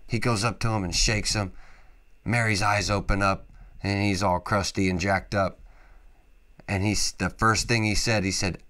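A man hosting a podcast, talking casually and excitably, with lots of emphatic interjections. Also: fairly low pitch, normal speed. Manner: excitable, emphatic, peppered with "freaking" and "dude". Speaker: podcast host. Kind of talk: casual solo podcast monologue.

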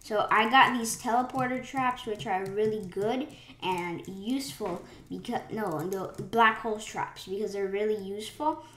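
A woman commenting live on her gameplay, excitable, with sudden gasps and rambling restarts. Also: medium pitch, moderate pace, slight background noise. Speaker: gaming channel host. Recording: roomy echo with faint keyboard clicks.

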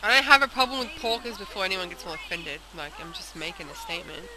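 A woman's voice: fairly low pitch, expressive, fast, a crowd in the background. A young woman casually commenting on a video game, chatting aloud and talking to the characters. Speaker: let's play host. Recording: noisy home recording.

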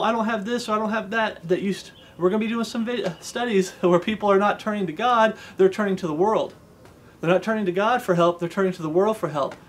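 A man with a notably high voice preaches a relaxed devotional sermon. He talks earnestly and plainly, reciting scripture in old-fashioned wording and pausing to ask his listeners "okay?". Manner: earnest, conversational, often checks in with "okay?"; recites King James scripture aloud.

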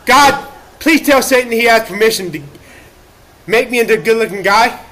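A man with a very high, sharp voice rants through a livestream, profane and erratic and full of self-pity. He breaks into shouts now and then. He is recording in a laundromat. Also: animated, normal speed. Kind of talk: ranting livestream monologue.

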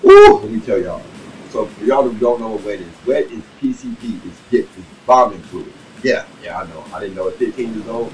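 A man telling a personal story in a casual, rambling monologue full of profanity and "you know what I'm saying." He swings between loud bursts and low muttering. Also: fairly quick. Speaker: vlogger telling a life story. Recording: distant mic with faint background noise.

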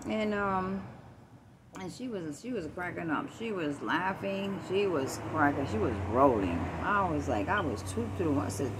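A woman with a fairly low voice talks into her phone as she walks her neighborhood at night. She tells her story in a chatty, animated way, acting out both sides of the conversation. A steady outdoor noise runs under the whole recording. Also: moderate pace. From Puerto Rico. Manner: chatty, animated retelling with quoted exchanges. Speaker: vlogger. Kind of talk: casual storytelling while walking.

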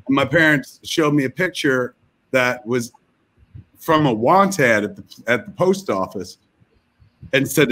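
A man's voice: a little high, fairly bright tone. A man telling a rambling, profane comic story over a video call.

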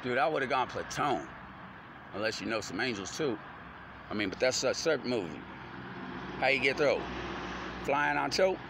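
A man's voice: medium pitch, expressive, moderate pace, creaky, pauses often. Rambling man outdoors, traffic behind. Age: adult. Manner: loose stream of consciousness, slangy, rhyming wordplay. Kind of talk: rambling freestyle monologue. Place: outdoors on a front porch at night. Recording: noisy outdoor recording with traffic.

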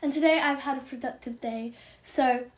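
Woman, high voice, hyper fast chatter, gaming vlog commentary, apologetic. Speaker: gaming channel host. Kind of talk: game trading commentary vlog.

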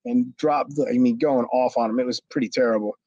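A middle-aged former wrestler telling a story in an interview, rambling with many fillers and swearing. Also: male voice, mid-range voice, fairly even intonation, a little fast, no echo. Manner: rambling, many fillers, swears, acts out others' shouted lines. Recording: dull lo-fi dry sound.

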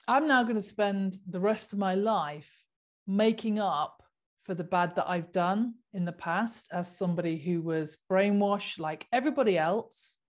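A woman's voice: mid-range voice, unhurried. A woman vlogger giving an impassioned, casual monologue, earnest and repetitive, full of rhetorical questions.

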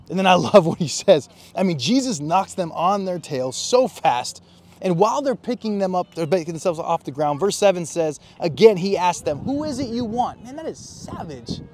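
A man preaching a sermon as pastor, animated and emphatic, swinging between loud bursts and quiet, earnest stretches. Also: sits high, normal speed.

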